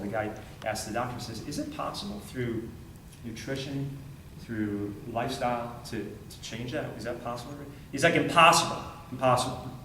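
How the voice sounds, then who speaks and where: During a training talk to a group, a man with a medium-pitched, fairly bright voice tells an animated story, acting out the dialogue and repeating phrases for emphasis. The recording picks him up from far off in a roomy space, with faint ambience and a little hiss or hum.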